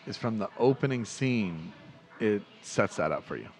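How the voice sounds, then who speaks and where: A man with a fairly low voice co-hosts a podcast and talks over a film in casual chat. He rambles eagerly and restarts his sentences as his ideas run ahead of him. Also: very animated, moderate pace, a little hiss or hum. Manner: enthusiastic, rambling, restarts often. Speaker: podcast co-host.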